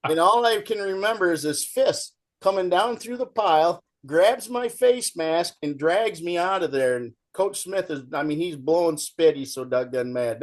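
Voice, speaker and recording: A man's voice: on the high side, normal speed, hardly any pauses. A middle-aged man telling folksy stories in casual chat as a show guest, acting out the people in them. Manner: folksy, animated storyteller, acts out shouting coach.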